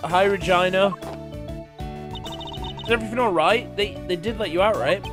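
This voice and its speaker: A man's voice: moderate pace, over music, close to an everyday voice. A man voicing a cheerful young woman who talks in a perky, raised voice. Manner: perky, high, excited.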